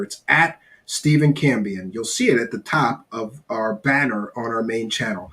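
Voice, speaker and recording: A man's voice: medium pitch, fairly bright tone. Middle-aged guy hosting a live stream, blunt, cusses, rambles off on tangents. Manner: blunt, swears casually, rambling asides. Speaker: podcast host reading live chat. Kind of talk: casual live-stream chat.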